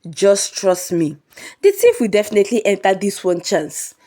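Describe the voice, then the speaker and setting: A woman voicing a young male student who speaks quietly and confidently. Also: medium pitch, big pitch swings, normal speed. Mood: confiding. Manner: quiet, hushed.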